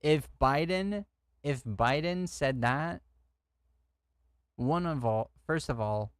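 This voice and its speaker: A man's voice: fairly high pitch, lively intonation, takes it slowly, smooth, no echo. Heated, swearing male streamer. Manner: outspoken, swearing, laughs often, heated rants. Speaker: streamer reacting to news clips. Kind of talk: casual reaction commentary.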